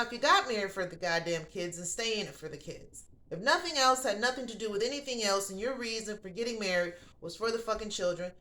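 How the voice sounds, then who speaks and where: Blunt, foul-mouthed woman host, lowish voice, speaks straight to camera. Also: a bit bright. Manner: blunt and profane, swearing freely; talks straight to viewers as "honey" and "baby". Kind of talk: casual opinion monologue.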